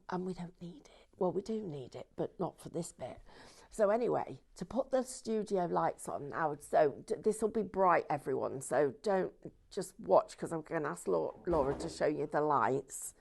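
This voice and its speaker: A woman's voice: lowish voice, expressive, a little slow, vocal fry. A woman hosting a live shopping show from a TV studio, chatting in a rambling way and laughing often.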